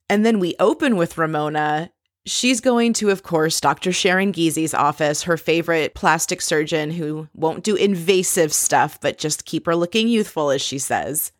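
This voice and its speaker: A woman casually recapping a reality show scene by scene, chatty and quick to laugh. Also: on the low side, dry recording, studio quality. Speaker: recap podcast host.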